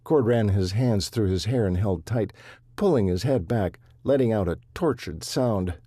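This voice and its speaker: A man narrating an audiobook in a measured, steady storytelling manner. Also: on the low side, husky, no room sound, clean studio sound.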